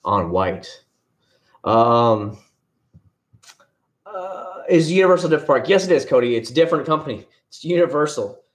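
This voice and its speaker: A man's voice: a little high, animated, normal speed, long pauses. A man hosting a casual livestream from home, rambling and answering viewers' comments by name. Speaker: livestream host. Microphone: headset.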